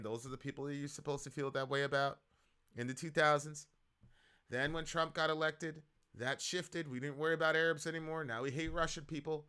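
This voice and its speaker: Man, stream host, ranting, slangy, loud outbursts, bright, smooth voice. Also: fairly high pitch. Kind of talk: casual political commentary.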